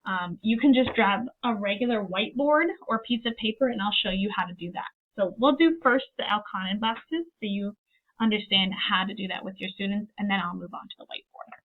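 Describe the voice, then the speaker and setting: A woman's voice: mid-range voice, a little fast. A woman teacher giving an upbeat, step-by-step video lesson, acting out her student dialogues as she goes. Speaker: teacher trainer. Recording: narrow phone-like sound.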